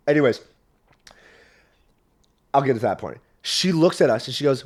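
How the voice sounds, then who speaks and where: A man's voice: medium pitch, moderate pace. A young man telling a story on his podcast in a casual, rambling way, swearing freely and often saying "like" and "um". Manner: animated, profane, rambling with frequent fillers. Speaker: podcast host.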